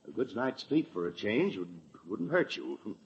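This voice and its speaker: A man's voice: medium pitch, big pitch swings, normal speed, slightly rough. An actor playing a flustered, easily exasperated middle-aged father in a 1940s radio comedy, stammering and blustering, on a dull old radio recording.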